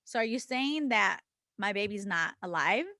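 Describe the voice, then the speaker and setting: Speaking at a moderate pace in an expressive, sharp-toned mid-range voice, a woman co-hosting a casual podcast shares a personal story candidly and with feeling. She voices other people's lines and swears now and then, in a dry, close recording with no room sound.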